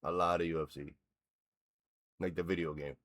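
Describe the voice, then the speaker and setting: A man's voice: low-pitched, moderate pace. Profane man ranting about fights. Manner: profane, blunt, animated ranting. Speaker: reaction video host. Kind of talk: casual fight reaction rant.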